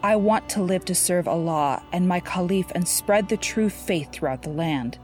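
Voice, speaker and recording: A woman's voice: fairly low pitch, moderate pace, soft background music, close to an everyday voice. A woman voicing a dying, stern male warrior commander, speaking in a grave, commanding way in a storybook reading.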